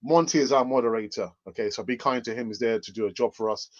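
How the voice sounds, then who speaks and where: Casual male stream host who laughs a lot and talks to his chat; middle pitch, muffled lo-fi sound. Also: fast, darkish tone. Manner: chatty, reads out viewer comments, laughs often.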